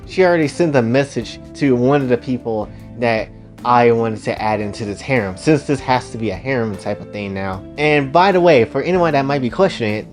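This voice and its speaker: A man rambling through a crude comedic retelling, talking straight to his viewers with excitable asides. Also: medium pitch. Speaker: storyteller, channel host.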